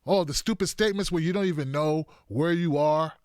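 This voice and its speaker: Host, man, sarcastic ranter, fairly high voice, dry close sound. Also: a little fast, darkish tone, no echo. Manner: combative, sarcastic, profane. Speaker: host of a political commentary show. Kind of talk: live-stream commentary.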